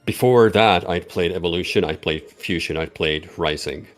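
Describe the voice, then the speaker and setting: Very deep-voiced hesitant male gamer. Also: moderate pace, faint music behind. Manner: hesitant, stammering, modest. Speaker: racer and guest. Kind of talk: casual chat.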